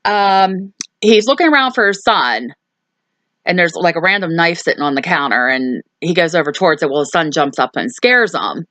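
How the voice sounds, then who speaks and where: A woman's voice: on the low side, lively intonation, moderate pace, fairly bright tone, no echo. A woman hosting a movie review channel, recapping a film in a chatty way with lots of fillers and asides.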